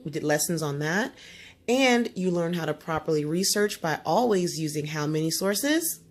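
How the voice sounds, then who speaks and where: This woman's voice is low and expressive. She's teaching a student one-on-one in a homeschool setting, coaching them and often checking they understand with quick tag questions.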